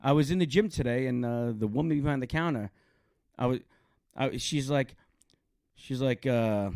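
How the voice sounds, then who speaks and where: Male comedian co-host, animated and foul-mouthed, very lively pitch. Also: brisk, no room sound, studio quality. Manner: animated, profane storytelling. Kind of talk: casual comedy chat.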